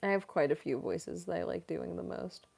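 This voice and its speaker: A woman's voice: on the low side, normal speed, creaky, a little mellow, soft background music. A young adult woman, a voice actress, chatting casually on a live-stream Q&A, giggly and full of "like" fillers.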